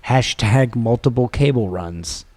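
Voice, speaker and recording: A man's voice: mid-range voice, unhurried, a little mellow, a little hiss or hum. A man hosting a casual podcast chat, joking and laughing often. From United States. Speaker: podcast host.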